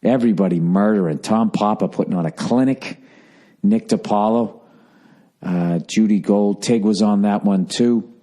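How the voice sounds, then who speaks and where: A man in his forties hosts his podcast from home, keeping his voice down while he rambles. His tone is low and mellow, with profane, sardonic asides throughout. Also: moderate pace. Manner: profane, sardonic, talking quietly. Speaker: podcast host. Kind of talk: rambling casual monologue. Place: at home, indoors.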